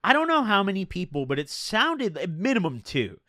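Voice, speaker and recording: A man's voice: sits high, huge pitch swings, brisk, pushed and bright, no room sound, studio quality. A young man vlogger telling a personal story in a casual, slangy, profane, chatty way.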